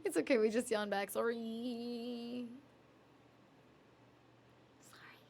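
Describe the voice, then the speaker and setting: A woman's voice: on the high side, level tone, slow, gravelly, darkish tone, slight background noise. A woman streaming live from home, chatting and laughing between songs, sleepy and reading chat aloud. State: sleepy, yawning. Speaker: music streamer.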